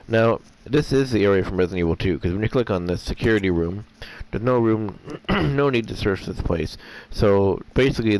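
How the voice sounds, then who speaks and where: Man, casual let's-play commentary, deep low voice, gravelly fry, hesitant fillers, throat clearing. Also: darkish tone. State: voice getting rough. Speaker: gameplay commentator.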